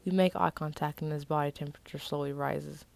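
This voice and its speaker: Brief: a woman reads her own fiction aloud, low-pitched, gravelly. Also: fairly even intonation, fairly quick. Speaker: author reading her story. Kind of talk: casual reading of own fiction.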